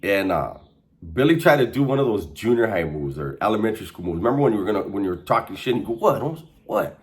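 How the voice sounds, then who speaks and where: This storyteller recounts his time in prison with a fairly low, very animated voice and rapid-fire delivery. The monologue is casual and full of slang, and he laughs here and there while telling it.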